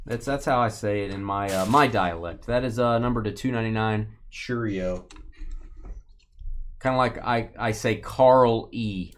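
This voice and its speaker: A man's voice: on the low side, a little slow, slight background noise. A man hosting a live card-opening stream, joking and bantering casually with the people in the room and the chat. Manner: playful, joking banter with lively swings.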